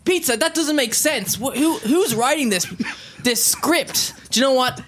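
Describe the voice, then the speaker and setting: A man playing a tabletop game, joking in an animated, mock-exasperated way. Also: very high-pitched, unhurried. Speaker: player. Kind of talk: comedic improv.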